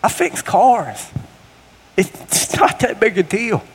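A middle-aged man preaches in a folksy, conversational way, his fairly high voice rising now and then into bursts of fervor. He speaks in a church sanctuary, and the sound hangs in a long hall reverb. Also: sing-song, slow, slightly rough. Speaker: guest preacher. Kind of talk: sermon.

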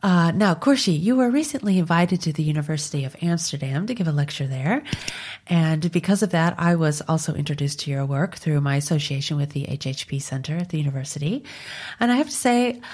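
Low-voiced woman host with a stuffy nose. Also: a little mellow. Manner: polite, measured introductions. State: stuffy nose and scratchy voice from hay fever. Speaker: podcast host. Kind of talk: interview hosting.

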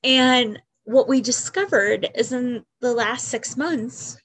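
Tearful woman in her forties, slow. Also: fairly high pitch, a bit bright, slightly rough. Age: 40s. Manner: tearful, halting, earnest. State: crying. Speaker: podcast host. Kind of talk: personal monologue.

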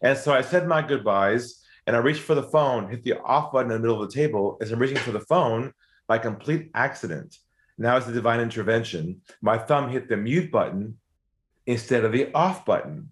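A man telling a story with real energy, his voice climbing when he gets excited. He acts out each line he quotes instead of just reporting it. Middle pitch, conversational. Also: fairly quick. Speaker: guest telling a sales story.

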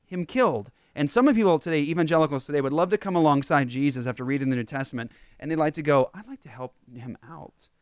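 Animated man with a smooth voice. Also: a little high, fast talker, few pauses, no room sound, studio quality. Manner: animated, mocking voices when quoting. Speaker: co-host. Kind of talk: casual Christian podcast discussion.

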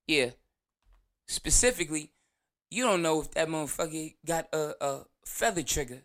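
A man hosting his own show, talking through a casual, profane monologue full of slang and animated storytelling. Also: on the high side, normal speed. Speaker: show host.

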